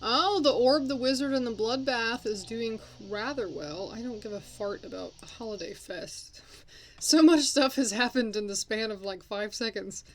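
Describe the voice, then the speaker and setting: A woman's voice: on the high side, normal speed, slight background noise. A young woman hosting a casual game commentary, chatting and swearing at her characters as she plays. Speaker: let's play host.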